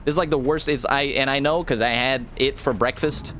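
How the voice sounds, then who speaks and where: A man's voice: mid-range voice, fairly quick, fairly bright tone, slight background noise. A man from rural America, casually chatting with viewers while playing a game and joking around. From rural United States. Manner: joking, rambling, talks to chat. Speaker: streamer. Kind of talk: casual live gameplay commentary. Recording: faint music behind.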